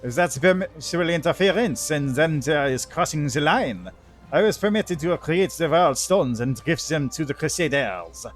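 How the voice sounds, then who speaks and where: A man's voice: fairly high pitch, big pitch swings, a little fast, faint music behind. A man voicing a solemn, ancient male angel herald in a mock French-tinged, old sci-fi style voice, reading game dialogue.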